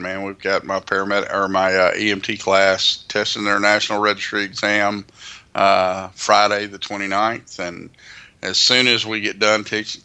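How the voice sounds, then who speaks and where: A man, a paramedic instructor co-hosting a podcast, chatting casually and haltingly, often repeating his words. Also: fairly low pitch, vocal fry, pushed and bright. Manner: drawling, halting, repeats words, self-deprecating.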